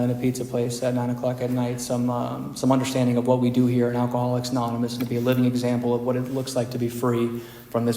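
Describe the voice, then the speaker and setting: Male speaker, mid pitch, fairly monotone, candid and wry, recorded from a reverberant meeting hall. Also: slight background noise. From United States. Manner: candid, self-deprecating, conversational. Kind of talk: personal recovery talk. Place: meeting room.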